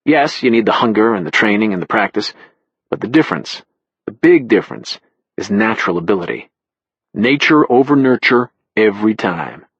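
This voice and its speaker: A man narrating a thriller audiobook in the first person, in a measured, matter-of-fact way. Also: fairly low pitch, fairly bright tone, slightly rough, no echo, highs cut off.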